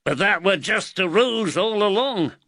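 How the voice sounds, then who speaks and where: A man's voice: high voice, expressive, a little slow, pushed and bright, no echo, studio quality, voice pushed up, exaggerated voice. A man doing a sly labourer.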